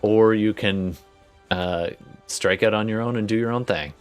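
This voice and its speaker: A man narrating as game master of a tabletop game, describing scenes in a halting way with many fillers. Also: fairly low pitch, clean tone, soft background music.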